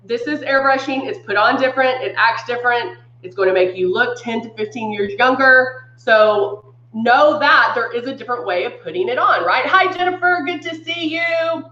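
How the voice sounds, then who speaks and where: A woman's voice: on the high side, moderate pace, bright, forceful tone, reverberant, muffled recording. Chatty woman hosting a live makeup demo. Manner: chatty, upbeat, greets viewers by name. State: congested from sinus trouble. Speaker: makeup brand live-stream host.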